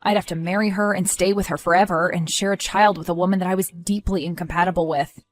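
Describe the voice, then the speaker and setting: A woman voicing a worried, earnest young man who is about to become a father, speaking softly. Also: lowish voice, steady tone, quick pace, faint music behind, natural voice.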